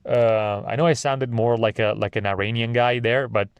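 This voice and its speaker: A young man, talks off the cuff as a podcast host in a middle-pitched voice. He rambles and hesitates with lots of ums and uhs, and he swears freely. The sound is dry and close, with no room echo. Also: fairly even intonation, moderate pace, clean tone. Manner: meandering, hesitant with many fillers, profane. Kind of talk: casual rambling monologue.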